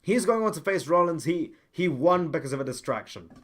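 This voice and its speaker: A man's voice: on the high side, lively intonation, brisk. A young man hosting a podcast, giving blunt, ranting opinions with frequent restarts and repeated complaints. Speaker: podcast host. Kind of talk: opinionated wrestling podcast commentary.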